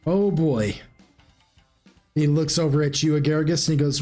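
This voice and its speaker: A man's voice: a little high, fairly even intonation, normal speed, darkish tone, soft background music. A man running a tabletop game as game master, narrating in a rambling, informal way with restarts. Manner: rambling, informal, frequent restarts and clearing throat.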